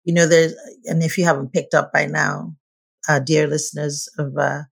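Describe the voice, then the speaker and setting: A woman coach speaking as a podcast guest in an animated, preacher-like way, weaving scripture into her points. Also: sits low, moderate pace, vocal fry, husky. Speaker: guest, feminine leadership coach. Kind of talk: conversational interview.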